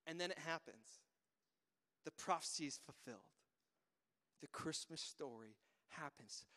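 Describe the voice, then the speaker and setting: Casting note: a man with a high voice, giving a relaxed conversational sermon with a long reverb tail, restarting phrases often. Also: unhurried. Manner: conversational, repeats words when starting a thought. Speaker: pastor. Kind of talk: casual sermon.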